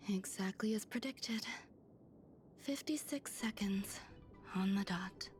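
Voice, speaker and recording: A woman reading the lines of a detached female genius scientist from a video game, speaking calmly in a soft half-whisper. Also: medium pitch, slow pace, soft background music, close to an everyday voice.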